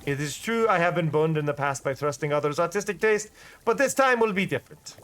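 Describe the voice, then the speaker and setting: A person voicing a formal, overly polite shopkeeper with a fake accent, reading game dialogue aloud. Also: male voice, on the high side, lively intonation, fairly quick, a bit bright. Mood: fussy.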